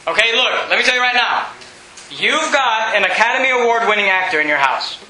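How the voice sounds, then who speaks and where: A man preaches with a bright, sharp edge and a high pitch, repeating his points and rising into shouts. His voice rings in an echoey room with faint ambience behind it. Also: animated, a little fast. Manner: emphatic, repetitive, often shouting. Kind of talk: sermon.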